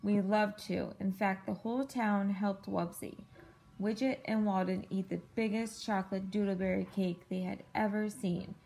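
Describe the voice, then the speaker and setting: A woman at home reading a picture book aloud to a child in a clear, patient storytelling manner. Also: medium pitch, steady tone, moderate pace, mellow, low-quality recording.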